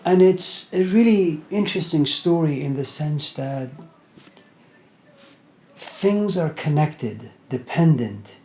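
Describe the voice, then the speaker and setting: A man's voice: a little high, expressive, slow, a little mellow. Conversational man giving a lecture. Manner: conversational, many fillers like "you know". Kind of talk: informal lecture, retelling a story.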